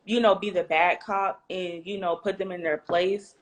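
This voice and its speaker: A woman's voice: fairly low pitch, normal speed. A young woman co-hosting a podcast in frank, casual chat, telling stories and acting out what people said. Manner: frank, animated storytelling with quoted voices. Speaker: podcast co-host.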